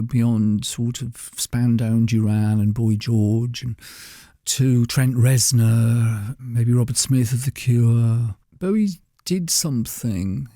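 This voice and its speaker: A man's voice: medium pitch, creaky, dark tone, no room sound, studio quality. An older man telling stories as a guest on a radio show, chatty and laughing often. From England. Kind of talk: anecdotal radio conversation.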